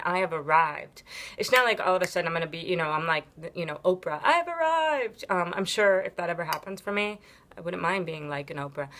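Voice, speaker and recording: Low-voiced woman, candid rambling vlog. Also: fairly bright tone. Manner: candid, rambling, with frequent ums and profanity. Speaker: yoga teacher. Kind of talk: casual unscripted vlog monologue.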